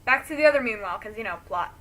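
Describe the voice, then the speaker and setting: Bright-voiced woman reading a story aloud. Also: on the high side, expressive, very fast. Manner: emotional, breaks off to react. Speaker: reader reacting to a friend's story.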